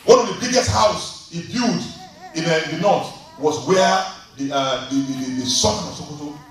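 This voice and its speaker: A man preaching a fervent sermon and leading prayer, with big swings in pitch and volume. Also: normal speed, a bit bright. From Nigeria. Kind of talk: sermon and altar call prayer. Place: church hall. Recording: echoey church hall, distant mic.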